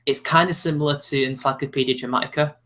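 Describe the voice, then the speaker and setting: A man's voice: a little high, steady tone, quick pace, sharp tone. A young man from South Manchester with a Mancunian accent, chatting casually as a channel host, laughing often and wandering off topic. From South Manchester, England. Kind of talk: casual chat.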